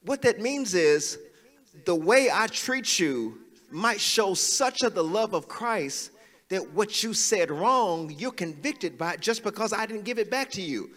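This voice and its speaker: A man's voice: sits high, animated, a little slow, fairly bright tone, in a large hall. A man preaching a sermon as pastor, building into a sing-song preaching cadence. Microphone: handheld mic.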